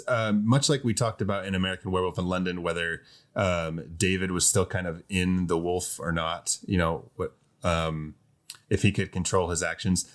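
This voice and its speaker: A man co-hosting a podcast, loosely recapping a film plot in casual chat with fillers. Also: low voice. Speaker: podcast co-host.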